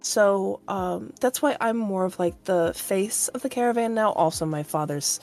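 A woman's voice: medium pitch, moderate pace, darkish tone, faint music behind, lightly acted. A woman voicing a weary caravan leader who rambles on in a resigned way.

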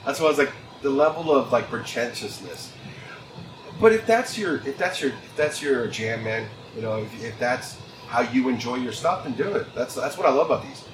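A man's voice: medium pitch, normal speed. Casual Texan man, rambling talker, echoey noisy room. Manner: relaxed, rambling, repeats words. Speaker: tobacconist guest. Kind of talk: casual chat. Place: inside a train car lounge. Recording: roomy echo, clear background noise.

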